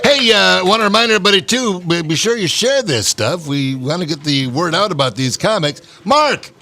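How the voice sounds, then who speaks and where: High-voiced male comedy show emcee. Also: animated, normal speed, sharp tone. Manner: jokey, introducing comics. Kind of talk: live emcee patter. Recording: live room with audience. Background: crowd.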